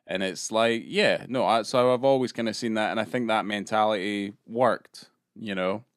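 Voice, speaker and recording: A man's voice: fairly low pitch, moderate pace, clean tone, no echo, studio quality. A man co-hosting a podcast in casual, rambling chat full of fillers and hesitations. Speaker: podcast co-host.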